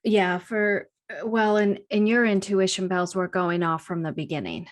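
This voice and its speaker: Podcast host lady, soft short questions. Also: medium pitch, moderate pace. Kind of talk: interview.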